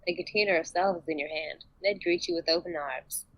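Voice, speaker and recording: A woman with a slightly low voice reads a storybook aloud on a podcast and breaks into casual banter. Her narration is playful and giggly. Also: a little fast, highs cut off. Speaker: podcast host and reader. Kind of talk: casual chat and storybook reading.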